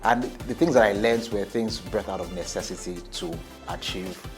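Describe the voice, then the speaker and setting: A man's voice: lowish voice, normal speed. A man, a company chief executive, reflectively telling his story in an interview. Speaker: company CEO. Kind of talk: interview testimony. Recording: music bed behind voice.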